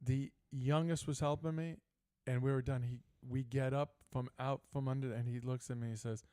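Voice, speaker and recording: An older man hosting a live sports talk show, telling stories in a casual, animated way. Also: mid-range voice, a little fast, clean tone, no echo, studio quality. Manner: storytelling, animated, laughing asides. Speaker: host. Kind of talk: casual chat.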